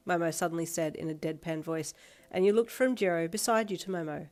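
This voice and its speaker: A woman with an Australian accent reading a fanfiction story aloud in steady, plain narration. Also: low-pitched, a little fast. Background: faint background music.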